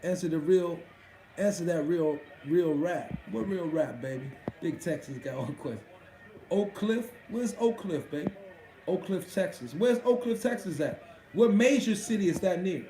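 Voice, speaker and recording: A man's voice: high voice, lively intonation, moderate pace, mellow, echoey room, rough recording. A man hosting a live stream, chatting casually with his viewers in a profane, boastful way. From Washington D.C.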